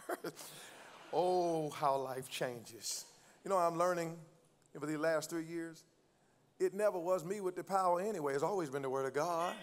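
A man preaching a sermon, calling for responses from the congregation and rising to shouts. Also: a little high. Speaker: pastor. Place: church.

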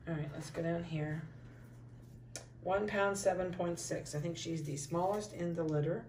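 A middle-aged woman dog breeder in a casual puppy update, cooing softly to the litter and giving brisk practical notes to buyers. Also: fairly low pitch, recorded from a distance, a little hiss or hum. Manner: coos softly to puppies, then gives brisk practical notices to buyers.

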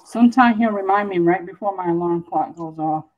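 A woman's voice: on the low side, fairly quick, darkish tone, lo-fi sound. A woman chatting casually on a live stream, telling easygoing rambling stories. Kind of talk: casual chat.

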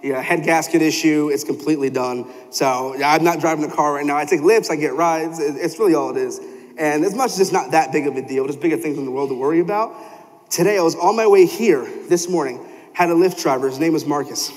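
A man's voice: on the high side, fairly quick. A young man preaching a sermon in a church, telling stories animatedly and acting out quoted voices. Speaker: pastor. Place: church sanctuary. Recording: long hall reverb.

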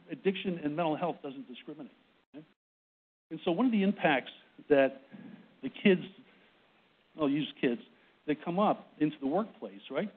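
A man's voice: on the high side, breathy edge. A man from Boston giving a workplace presentation to an audience, short of breath, who often restarts and keeps checking in with "right?". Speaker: presenter on a panel. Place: conference room with audience. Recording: tinny phone-like recording.

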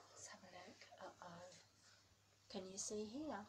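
A preschool teacher reads a picture book to toddlers, taking her time over each page. She asks the little ones questions and sinks into hushed whispers to build suspense. Her voice sits at an ordinary pitch for a woman. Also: a little slow, pauses often, a little hiss or hum. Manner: drops to hushed whispers for suspense, then gasps; coaxing, asks the children questions.

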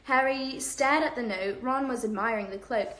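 A young woman reads a storybook aloud in a casual livestream, recorded on a phone at home. Her voice sits fairly high, and the room adds a noticeable echo. She is relaxed and laughs off her own slips. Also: moderate pace. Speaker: host. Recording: echoey room.

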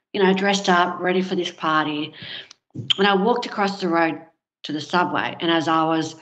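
A woman's voice: fairly low pitch, fairly bright tone, lo-fi sound. A woman, a guest telling a personal story in an interview in a candid, conversational way with fillers. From Australia.

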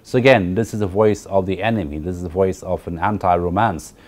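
Speaking fairly quickly in a low, steady, darkish voice, a man lectures on literature at a university. He gives long explanations, repeats key phrases, and regularly asks the class "right?"

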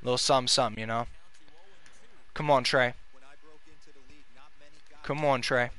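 Young male gamer host, swears a lot while he plays, bright tense voice. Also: medium pitch, steady tone, measured pace, clear, resonant tone. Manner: profane, frustrated, talks to his players. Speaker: gaming video host. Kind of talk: casual gameplay commentary.

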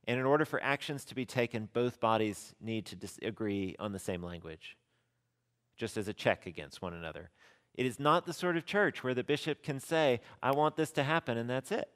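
A man teaching a parish class, talking in a loose, conversational way. He keeps checking in with his listeners, repeats the terms he wants them to learn, and asks them questions as he goes. His pitch sits in a middle register. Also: fairly bright tone. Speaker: rector teaching a church class. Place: church classroom.

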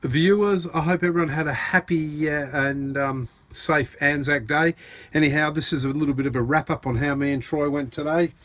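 An Australian man with a somewhat high voice talks to his phone camera outdoors. His chat is excitable and blokey, full of "righto" and "mate". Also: moderate pace, no room sound. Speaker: metal detecting channel host. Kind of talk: casual outdoor vlog chat. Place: outdoors at a dig site.

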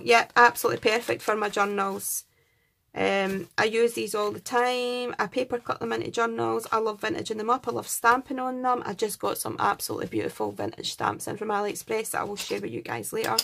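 A Scottish woman with a slightly high voice that has a gravelly edge, chatting casually as she unboxes craft supplies. She gushes and gets excited, counting each item aloud as she goes. Faint noise sits under her voice. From Scotland. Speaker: craft channel host.

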